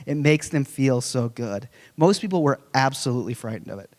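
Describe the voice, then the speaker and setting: A man in his forties, giving a conference lecture in a conversational, animated way with humorous storytelling. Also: medium pitch, brisk. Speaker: conference speaker. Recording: long reverb of a large hall.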